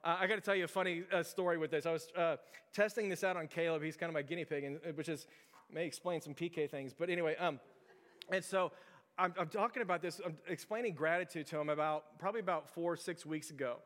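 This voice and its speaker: Chatty pastor guy in his 30s, kinda high voice, talks quick, hall reverb. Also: steady tone, fairly bright tone. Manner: storytelling, conversational, chuckles often. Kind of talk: sermon.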